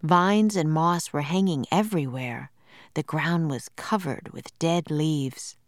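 A woman narrating a children's storybook in a slow, measured and clear manner. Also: sits low, no echo, clean studio sound.

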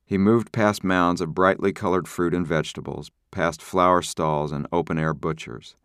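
A male audiobook narrator with a very deep voice and a gravelly rasp at the bottom of it. He reads at a measured, steady pace, close to a dry mic with no room sound. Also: no room sound. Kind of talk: scripted narration.

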